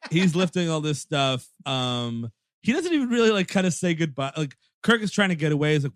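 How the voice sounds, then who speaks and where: Laughing higher-voiced podcast guy. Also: sing-song, brisk, dry recording, clean studio sound. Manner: laughs often, acts out character lines in funny voices. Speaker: podcast co-host. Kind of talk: comedic movie recap chat.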